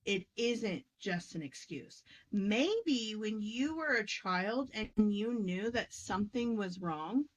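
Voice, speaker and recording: A woman talking about inner healing in a casual teaching conversation, emphatic and lively, acting out quoted voices as she goes. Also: mid-range voice, slow pace, hardly any pauses, low-quality recording. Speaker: spiritual teacher.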